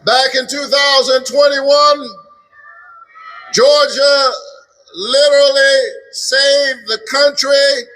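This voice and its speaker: A man's voice: very high voice, steady tone, slow, over music, rough recording. A man speaking at a political rally in a playful, crowd-rousing manner.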